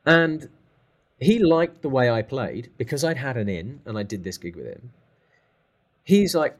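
A man telling a lively story as a guest, acting out the phone calls he describes. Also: medium pitch, measured pace, long pauses. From England. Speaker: guest drummer. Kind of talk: casual storytelling.

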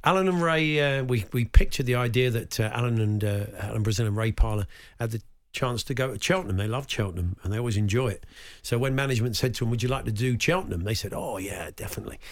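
A middle-aged man co-hosting a radio show, chatting casually and reading out listener jokes. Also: mid-range voice. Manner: chatty, reads listener jokes aloud with quick put-on voices.

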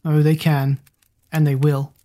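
A woman's voice: deep voice, flat delivery, a little slow, mellow. A woman voicing a male talking doll, teasing and dry. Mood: wry. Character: wry talking doll, gloomy male friend.

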